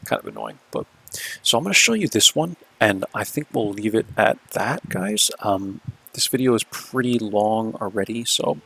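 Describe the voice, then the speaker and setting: A man's voice: lowish voice, huge pitch swings, normal speed, vocal fry, a bit bright, slightly rough. A man casually talking through replays of his own games as the video's host, laid-back and chatty, often checking in with "right?".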